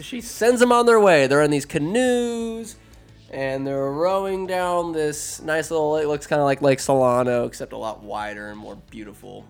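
Rambling, profane man retelling a film. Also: medium pitch. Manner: profane, rambling, sarcastic asides. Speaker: comedic film recapper. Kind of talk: casual comedic story recap.

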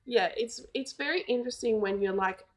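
A woman's voice: on the high side, a little fast. An Australian woman in her thirties, a podcast guest telling stories in a chatty way, full of "like" fillers. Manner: chatty, storytelling, many "like" fillers. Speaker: guest photographer. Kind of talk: casual podcast chat.

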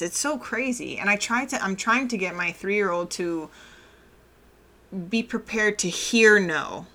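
A woman's voice: mid-range voice, bright, forceful tone. A woman, a mother of a toddler, talking candidly and reflectively in a casual personal monologue, often laughing.

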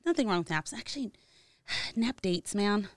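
A woman co-hosting a podcast in casual chat, chatty and laughing, often trailing off softly. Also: medium pitch, expressive, moderate pace, no room sound, studio quality. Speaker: podcast co-host.

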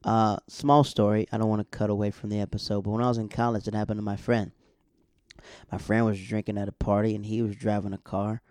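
Young male recap host, warm low-key voice, chatty and rambling, dry close sound. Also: level tone, fast, smooth, no echo. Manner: rambling, chatty, self-correcting asides. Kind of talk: casual episode recap.

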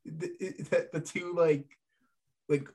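A man co-hosting a podcast in casual chat, quick to laugh and animated. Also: on the high side, husky. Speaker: podcast co-host.

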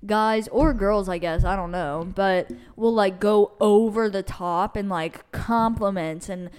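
A woman's voice: medium pitch, measured pace, darkish tone, clear, resonant tone. A young woman co-hosting a podcast, chatting casually, telling stories with lots of fillers and swearing. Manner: chatty storyteller, swears, many likes and fillers. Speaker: podcast co-host. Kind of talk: casual chat.

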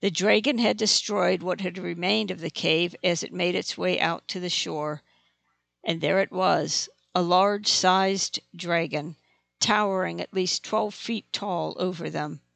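Audiobook narrator, steady, gravelly, dry close sound. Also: mid-range voice, unhurried, no echo.

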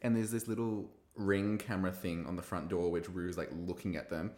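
A man hosting a podcast, recapping a TV episode in a gossipy, animated way and acting out quoted lines. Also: sits low, moderate pace, roomy sound. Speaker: podcast host reviewing a TV episode. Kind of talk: casual recap chat.

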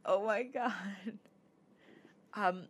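A woman's voice: medium pitch, very slow. Chatty woman telling a ghost story. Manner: chatty storytelling, many fillers, laughs often. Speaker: podcast co-host. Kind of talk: casual chat.

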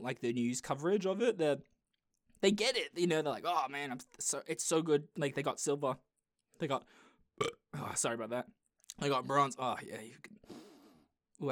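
A male podcast host chats casually and rambles, using many fillers. His voice is fairly high, captured in a dry, clean studio recording.

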